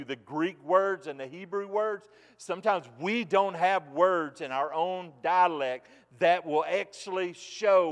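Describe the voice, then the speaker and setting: Slow-preaching pastor in a reverberant hall. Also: male voice, fairly high pitch. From United States. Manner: folksy, swings from soft to loud and emphatic. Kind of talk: sermon. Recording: long reverb in a large hall.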